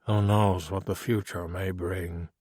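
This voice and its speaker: A man voicing a calm, dry-witted skeleton detective who speaks in a measured, deadpan way. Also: sits low, breathy edge, dry recording, pitched below the performer's own voice.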